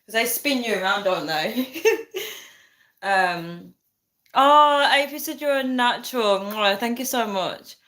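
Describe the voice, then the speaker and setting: A woman's voice: fairly high pitch, animated, slow, fairly bright tone. A young woman, hosting a casual livestream and chatting, giggling and reading viewer comments aloud. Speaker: livestream host. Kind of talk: casual live chat. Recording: echoey room.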